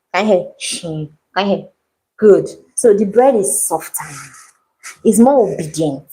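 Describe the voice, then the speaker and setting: A woman teaching a live baking class, telling her story in an animated, dramatic way with playful asides. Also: fairly low pitch, low-quality recording. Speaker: baking instructor.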